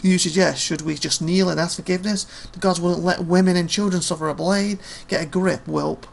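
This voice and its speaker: A man voicing a brash soldier captain while reading game dialogue aloud, scolding and rough. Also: high voice, steady tone, fairly quick, pitched above the performer's own voice. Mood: gruff.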